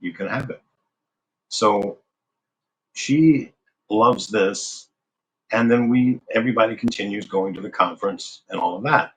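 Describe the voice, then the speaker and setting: A man's voice: on the low side, a little slow, low-quality recording. A man being interviewed, telling a personal story in a casual, conversational way and acting out the remembered dialogue. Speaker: interview guest.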